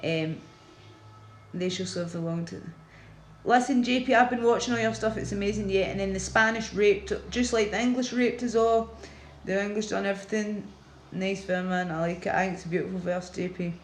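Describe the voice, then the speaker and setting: A woman with a Glaswegian accent talks casually on a livestream, rambling from one thought to the next and answering her viewers' comments. Her voice sits at a middling pitch and sounds roomy and echoey. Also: steady tone, moderate pace, slight background noise. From Scotland.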